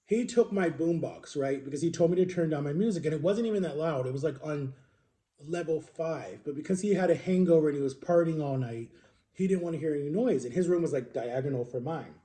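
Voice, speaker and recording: Man with a very dark mellow voice. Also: a little high. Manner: earnest, halting recounting with many fillers. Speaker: vlogger. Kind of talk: candid personal storytelling.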